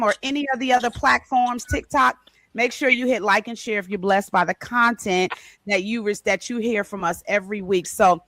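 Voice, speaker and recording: A woman hosting a podcast as author and coach, upbeat and animated, calling out greetings to her guests over a video call. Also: on the high side, dry recording.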